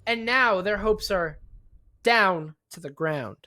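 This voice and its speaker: A woman casting an esports match, giggly in banter and energetic on the play-by-play. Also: mid-range voice, slow. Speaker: esports caster.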